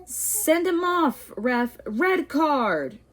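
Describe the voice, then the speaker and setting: A woman voicing an indignant schoolboy who yells furiously from the stands. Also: fairly high pitch, animated, a little slow, voice pushed up. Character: indignant schoolboy sports fan.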